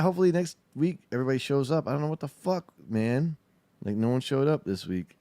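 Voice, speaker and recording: A man's voice: mid-range voice, mellow, dry recording. A man hosting a casual livestream, chatting about a video in a profane, rambling, laid-back way. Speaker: show host.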